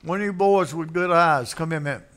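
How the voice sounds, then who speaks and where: A man's voice: fairly high pitch, quick pace, a bit bright. A man preaching a sermon, telling a story in a folksy way and acting out its characters. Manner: folksy, acts out voices in the story.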